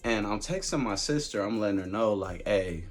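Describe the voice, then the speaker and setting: A young man telling a casual, animated storytime on his vlog, full of filler words and laughter. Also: on the low side, brisk, faint music behind. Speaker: vlogger.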